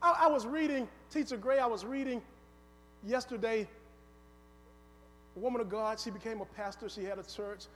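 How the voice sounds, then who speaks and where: A man's voice: very high voice, normal speed, pauses often, a bit bright, a little hiss or hum. A man preaching a sermon in a church, telling a story, acting out its voices and calling on the congregation to answer. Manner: call-and-response, acts out voices in the story. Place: church sanctuary. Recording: long hall reverb.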